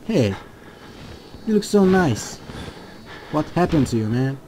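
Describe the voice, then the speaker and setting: Slow-talking excitable male gamer. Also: a little high, a little hiss or hum. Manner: excitable, jumpy, swears at scares. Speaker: gaming channel host. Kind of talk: let's play commentary.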